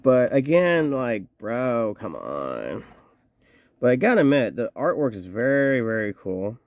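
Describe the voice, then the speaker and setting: Sex: man. Style: lively, chatty toy review. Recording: dull, dry. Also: mid-range voice, unhurried, no room sound. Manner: chatty and slangy, joking asides. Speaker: toy collector reviewing action figures. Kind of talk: casual show-and-tell review.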